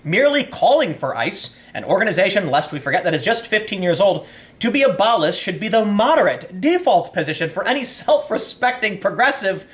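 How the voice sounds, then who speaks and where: A man talking through political commentary in a fairly high, lively voice that swings up and down as he rants. His delivery is sarcastic, and he often trips over his words, repeating them before pushing on. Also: brisk. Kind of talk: casual commentary.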